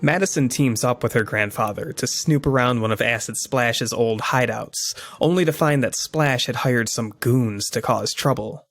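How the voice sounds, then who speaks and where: A man's voice: mid-range voice, normal speed, few pauses, fairly bright tone. A man narrating a tabletop game as game master, telling the story casually with filler words.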